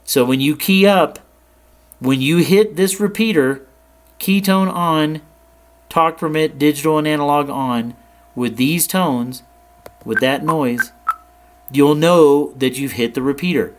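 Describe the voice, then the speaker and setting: A man hosting a radio programming tutorial, explaining settings in a plain, relaxed way and checking in with the viewer now and then. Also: on the high side, takes it slowly, long pauses. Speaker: ham radio tutorial host. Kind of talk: casual screen-share tutorial.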